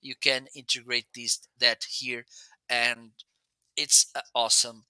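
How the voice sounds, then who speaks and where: A man's voice: mid-range voice, little pitch movement, a little slow, sharp tone, smooth, no room sound. A man with a slight Italian or Portuguese-sounding accent, hosting a live shopping stream in a chatty way and laughing often as he demos gear. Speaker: live shopping show host. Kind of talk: casual live-stream product demo.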